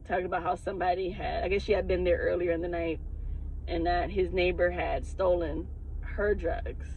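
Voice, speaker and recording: A woman's voice: mid-range voice, slightly rough, poor audio. A woman who works as a spiritual advisor, telling a personal story in a casual vlog, candid and heavy on the cursing. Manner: profane, candid, laughs often.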